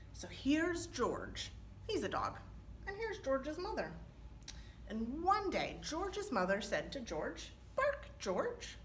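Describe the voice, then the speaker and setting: A woman reading a story aloud to children as a librarian, animated, often pausing to ask them questions. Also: medium pitch, slight background noise.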